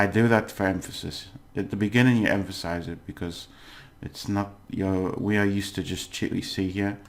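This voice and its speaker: A low-voiced male language teacher recaps a lesson in a casual recording. Patient throughout, he pauses with "uh" and regularly checks in by asking "okay?"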